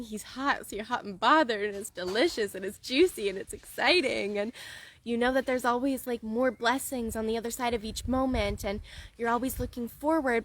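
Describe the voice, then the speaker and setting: Gushing, high-pitched woman coach. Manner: gushing, swings into high excited squeals; repeats herself, lots of "like" and "okay". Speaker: money coach. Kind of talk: masterclass talk to viewers. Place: outdoors in hot sun.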